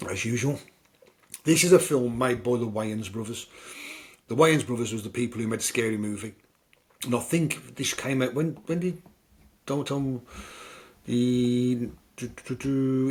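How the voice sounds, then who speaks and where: A man's voice: medium pitch, a little slow, pauses often, darkish tone. A man with a British accent, hosting a podcast and rambling through film recaps in a loose, chatty way. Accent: British English. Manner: rambling, chatty storytelling with many fillers. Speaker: podcast host. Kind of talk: casual film chat.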